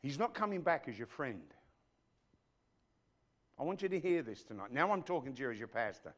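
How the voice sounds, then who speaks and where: A man preaching a sermon in church as the pastor, emphatic, dropping to a hush and rising to loud, speaking straight to his congregation. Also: mid-range voice, sing-song, a little fast. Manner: emphatic, swinging between hushed and loud; addresses the congregation directly.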